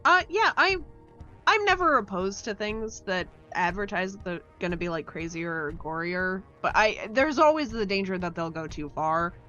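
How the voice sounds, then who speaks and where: A woman's voice: lowish voice, big pitch swings, normal speed, few pauses, fairly bright tone, dull audio, soft background music. A woman co-hosting a podcast in casual chat, easygoing and giggly. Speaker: podcast co-host.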